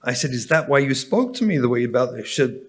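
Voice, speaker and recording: English rabbi, keynote speaker, animated storyteller with a swinging pitch and a wry humorous touch. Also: male voice, fast talker. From England. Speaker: rabbi giving a keynote address.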